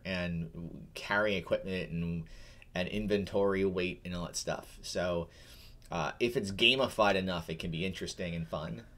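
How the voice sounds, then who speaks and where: A man's voice: sits low, sharp tone. A man co-hosting a chat show about tabletop games, talking casually and teasing his co-host. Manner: rambling, teasing, many restarts. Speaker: podcast co-host.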